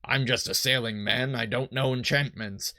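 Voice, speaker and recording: A man voicing a gruff, weathered male harbor captain in a rough pirate-style put-on voice, reading game dialogue aloud. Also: medium pitch, fairly even intonation, normal speed, sharp tone, no room sound, studio quality.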